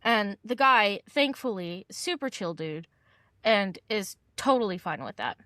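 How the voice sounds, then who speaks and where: A woman's voice: mid-range voice, a little slow, no room sound, clean studio sound. A woman co-hosting a podcast, telling a story in casual chat and acting out the people she quotes. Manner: animated, acts out quoted dialogue, laughs often. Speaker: podcast co-host.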